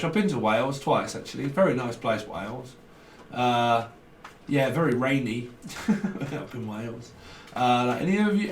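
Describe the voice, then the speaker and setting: A medium-pitched man delivers a casual tarot reading to camera that meanders from idea to idea, full of jokes and chuckles. Recorded from a distance, his voice sounds roomy and echoey, with a faint hiss beneath.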